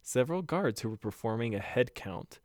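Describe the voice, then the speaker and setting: A man co-hosting a casual podcast, telling a ghost story and then chatting in a profane, animated way. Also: mid-range voice, brisk, no echo, studio quality. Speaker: podcast co-host.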